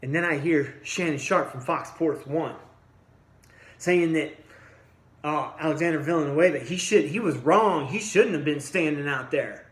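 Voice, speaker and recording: A man delivering an angry, blunt monologue straight at his listeners, swinging from low mutters to loud outbursts. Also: measured pace, reverberant. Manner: blunt, combative, addresses listeners directly. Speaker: vlogger.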